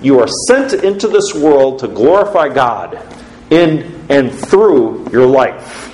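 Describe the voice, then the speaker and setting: A man preaching a sermon as pastor, putting questions to his congregation in an emphatic, lively way. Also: medium pitch, takes it slowly, a little hiss or hum. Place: church sanctuary. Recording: roomy church echo.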